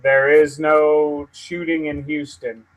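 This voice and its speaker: A man hosts a loose live news stream, his voice pitched a touch above the usual. He rambles, swears freely and vents his frustration out loud between updates. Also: flat delivery, slow pace, rough recording. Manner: profane, easily frustrated, rambling. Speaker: livestream host.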